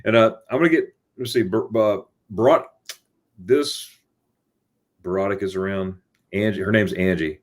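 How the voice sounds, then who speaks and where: A man's voice: on the low side, a little slow, pauses often. A man hosting a casual livestream chat over a video call, telling stories animatedly with many restarts. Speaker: host.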